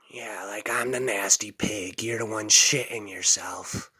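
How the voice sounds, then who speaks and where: A man's voice: fairly low pitch, fairly even intonation, moderate pace, hardly any pauses, bright, forceful tone, husky. A man telling a rambling personal story casually, dropping "man" between phrases. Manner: rambling, drawls, fillers like "man".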